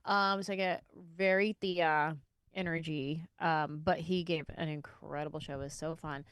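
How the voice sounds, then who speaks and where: Woman, podcast host, animated storyteller, casual slang, studio, dry close sound. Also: sits low, moderate pace, clean tone, no room sound.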